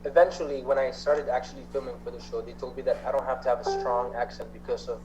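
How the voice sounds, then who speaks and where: Young male guest, Filipino accent, sincere and a bit halting, mid-pitched voice, lo-fi recording. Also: steady tone, a little mellow, a little hiss or hum. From Philippines. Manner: mixes English and Tagalog, earnest, hesitant fillers. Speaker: guest actor. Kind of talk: casual interview chat.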